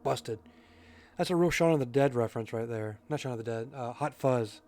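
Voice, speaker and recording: A man's voice: medium pitch, a little fast, a little mellow. A man casually commenting on a game as a streamer, joking and reading chat aloud.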